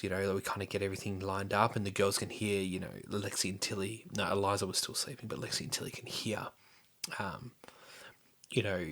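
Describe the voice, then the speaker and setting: A man's voice: sits low, sharp tone. A young man telling a personal story in a casual, rambling way, full of restarts, fillers and casual swearing. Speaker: podcast host.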